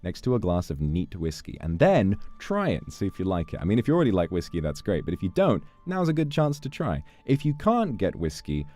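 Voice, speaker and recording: A man streaming and chatting casually with his viewers as he reads out donations. He is playful, animated and swears freely, speaking close to the microphone. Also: lowish voice, brisk, few pauses.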